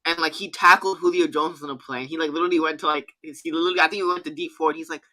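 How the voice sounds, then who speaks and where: A man's voice: on the high side, very fast, poor audio. A man co-hosting a casual sports talk show, chatty and full of fillers. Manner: chatty, heavy on fillers, animated. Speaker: podcast co-host.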